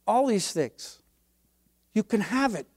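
A man's voice: high voice, animated, slow pace, darkish tone. An older man, a pastor, preaching a sermon with emphatic, folksy delivery and homespun stories.

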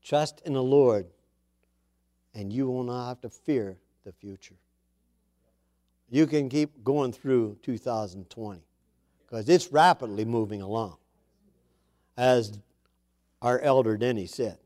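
A man's voice: mid-range voice, slow, long pauses, mellow. A man preaching a sermon to his congregation in a conversational way, with chatty asides and emphatic repeats of key words. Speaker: pastor.

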